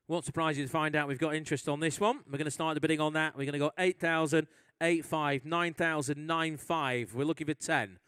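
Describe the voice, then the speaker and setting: Smooth-voiced male auctioneer calling bids. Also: fairly high pitch, a bit bright, no room sound. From England. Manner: brisk bid-calling with teasing asides. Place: auction hall at a live sale.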